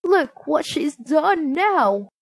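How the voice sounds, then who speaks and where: A woman's voice: high voice, big pitch swings, extremely slow, creaky, pitched above the performer's own voice, exaggerated voice. A woman voicing a group of earnest, protective dwarfs in a storybook reading. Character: kindly, worried band of dwarfs.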